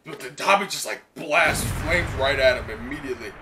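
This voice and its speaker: A man hosting a live comic reaction who talks in an excitable, rambling way with lots of "like". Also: mid-range voice, brisk, noisy background. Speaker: reaction video host.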